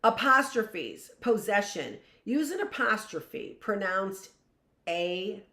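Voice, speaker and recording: A middle-aged woman teacher giving a live reading lesson to young children, slow and emphatic, repeating key phrases and checking in with "right?". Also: mid-range voice, lively intonation, fairly bright tone, echoey room.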